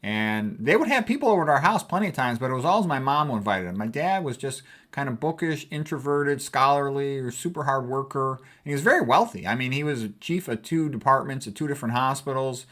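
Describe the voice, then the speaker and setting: A man's voice: medium pitch, expressive, a little fast, hardly any pauses. A man in his sixties from the United States, a physician talking casually and rambling as he goes through old family photos. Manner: rambling, conversational, warm reminiscing. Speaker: physician vlogger.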